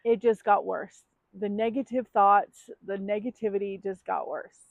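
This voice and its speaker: A woman's voice: mid-range voice, steady tone, normal speed, vocal fry, dry recording. Candid woman vlogger, tinny dry sound. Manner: candid and emotional, with frequent ums and likes. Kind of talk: personal confessional vlog.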